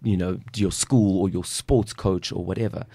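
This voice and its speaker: A man's voice: low-pitched, steady tone, normal speed, warm tone, slightly rough, no echo. A man from South Africa, a guest life coach on a podcast, talking in an emphatic, preachy way and acting out little quotes. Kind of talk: casual podcast conversation.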